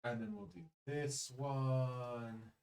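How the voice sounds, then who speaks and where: A man of mid-range pitch chats loosely on a live stream. He drifts into quiet, mumbled asides while he works, then jumps into loud, joking outbursts. His tone stays playful and rambling throughout. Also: lively intonation, slow pace, gravelly, clear, resonant tone. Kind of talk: casual live-stream chat.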